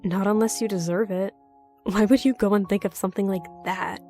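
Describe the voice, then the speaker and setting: A gruff older southern recluse voiced by a woman with a Southern accent. He talks in a curt, stern, ominous way at a mid pitch. Faint music plays under the storybook reading. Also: steady tone, fairly quick, mellow, lightly acted. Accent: American Southern.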